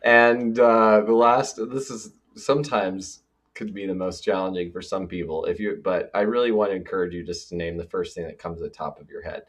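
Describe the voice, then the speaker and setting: A man's voice: sits low, fairly even intonation, a little fast, fairly bright tone. A man hosting a podcast interview, asking questions and affirming his guest's answers. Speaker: podcast host.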